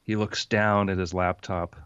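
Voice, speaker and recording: Male game master, deadpan narration, muffled dry recording. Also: deep voice, measured pace, smooth, no room sound.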